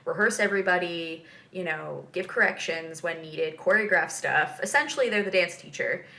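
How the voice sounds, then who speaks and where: A woman's voice: lowish voice, normal speed, creaky, bright, forceful tone. A young woman hosting a vlog, chatting casually and laughing often as she reacts to a TV episode. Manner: chatty and giggly, lots of fillers and asides.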